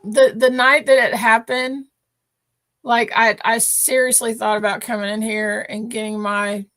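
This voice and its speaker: A woman's voice: fairly high pitch, fairly bright tone. A woman co-hosting a podcast, telling a story in a rambling, emotional way with many restarts. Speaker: podcast co-host. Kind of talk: casual chat.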